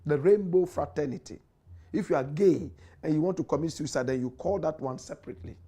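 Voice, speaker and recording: A man's voice: a little high, fairly quick, warm tone, husky. A man from Ghana with a Ghanaian accent, hosting an opinionated commentary show and preaching directly to his listeners.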